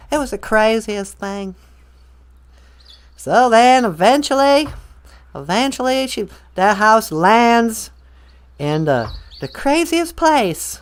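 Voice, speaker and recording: A woman's voice: fairly high pitch, big pitch swings, slow pace, pauses often. A woman telling a story in a playful, rambling way, with hesitant restarts. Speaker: guest storyteller. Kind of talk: casual storytelling.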